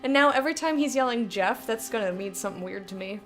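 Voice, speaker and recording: A young woman streaming a game and chatting casually with her viewers, blunt and quick to swear, laughing often and reading their messages aloud. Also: a little high, animated, a bit bright, faint music behind. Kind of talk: casual live-stream chat while gaming.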